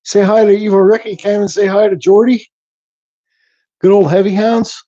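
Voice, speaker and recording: This livestream host has a fairly high yet mellow voice and talks at normal speed in casual chat, greeting viewers and reading their comments. He sounds loose, relaxed and a little mumbly, with slightly dull, lo-fi sound.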